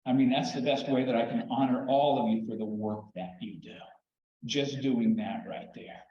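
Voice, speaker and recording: An older man and children's therapist giving a conference talk, telling stories in an animated way with dramatic pauses. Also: medium pitch, a little hiss or hum. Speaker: keynote speaker, children's therapist. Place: large conference hall. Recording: echoey hall, slightly dull sound.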